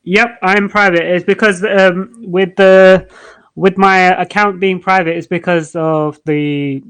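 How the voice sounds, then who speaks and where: A man chatting casually as host of a live music stream, relaxed and full of restarts. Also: high-pitched, slow pace, smooth, no echo, rough recording. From United Kingdom.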